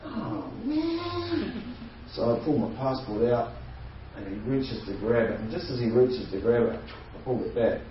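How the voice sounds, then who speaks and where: Man, comic storyteller, lively, acts out voices, roomy echo, heard from a distance. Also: medium pitch, a little fast, slight background noise. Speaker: guest storyteller. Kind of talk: comedic anecdote. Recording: echoey, distant, dull sound.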